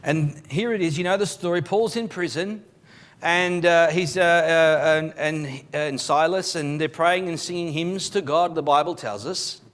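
A man, a pastor preaching a live sermon in church, telling the story with emphatic, animated delivery and frequent restarts. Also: on the high side, measured pace. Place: church service.

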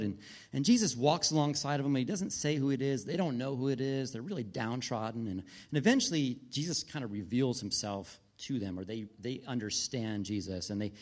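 A pastor in his thirties, married with children, preaches in a medium-pitched voice. His sermon unfolds like a conversation, full of stories, restarts and asides.

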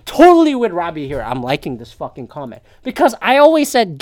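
A woman's voice: on the low side, huge pitch swings, brisk, darkish tone, no room sound, clean studio sound. A woman hosting a solo podcast, ranting casually with lots of swearing, sarcastic and opinionated. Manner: profane, ranting, swears often. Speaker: podcast host.

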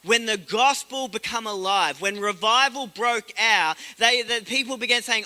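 A man preaching a sermon as a pastor, telling the story in a lively way and acting out the voices of the people in it. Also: high-pitched, normal speed, hardly any pauses, long reverb tail.

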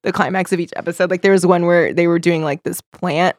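A woman's voice: on the low side, steady tone, brisk, no echo, clean studio sound. A woman co-hosting a casual podcast chat, telling rambling stories with plenty of swearing and laughter. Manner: rambling storyteller, swears freely, laughs often. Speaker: podcast co-host.

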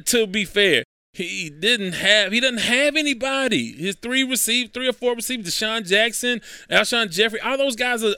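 A man's voice: sits high, sharp tone, clean tone, dry recording, studio quality. A man hosting a sports talk segment, giving his football picks in a chatty way, correcting himself as he goes and adding wry asides. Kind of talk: casual sports picks commentary.

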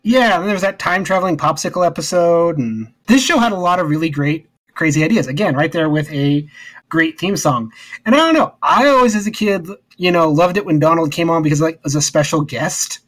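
A man chatting as a podcast co-host, his voice on the higher side. He sounds eager and nostalgic, often breaking off and restarting his sentences. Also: a bit bright. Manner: enthusiastic, nostalgic, halting restarts. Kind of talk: casual chat.

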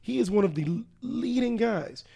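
A man's voice: extremely high pitch, animated, normal speed, vocal fry, dark tone, husky. A man guesting on a casual podcast, earnest and emphatic, building his points with rising stress. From Virgin Islands family background.

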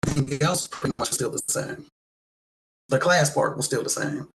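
A man's voice: on the high side, moderate pace. Reflective man, faint background noise. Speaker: podcast co-host. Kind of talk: casual chat.

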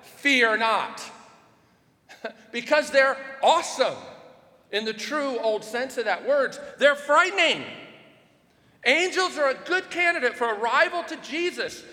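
Animated high-voiced preacher in a hall. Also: male voice, a little slow. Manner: animated, rhetorical questions, rising to shouts for emphasis. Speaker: pastor. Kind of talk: sermon.

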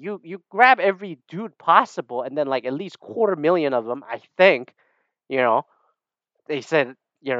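A man talking casually and at length, rambling and animated and swearing freely. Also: on the high side, no echo, muffled recording. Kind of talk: casual opinion monologue.

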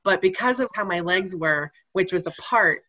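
A woman's voice: lowish voice, normal speed. Woman laughing through a funny story. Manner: animated, laughing often while telling the story. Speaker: guest telling a story. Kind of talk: casual anecdote in conversation.

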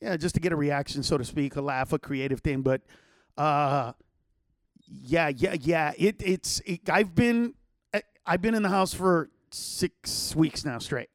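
High-voiced, animated man hosting a podcast. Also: a little slow, no echo. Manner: animated, swears freely, acts out other people's lines. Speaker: podcast host. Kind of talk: casual storytelling to listeners. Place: home podcast setup.

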